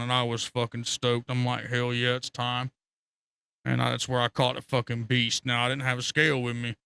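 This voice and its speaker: A man telling fishing stories as a podcast guest, excitable and profane, laughing often. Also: medium pitch, gravelly, clean tone. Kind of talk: casual storytelling.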